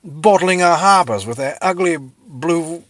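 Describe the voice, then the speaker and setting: A man voicing an indignant British officer who yells in a high, strained voice. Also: expressive, measured pace, no echo. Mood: furious. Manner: shouting, indignant.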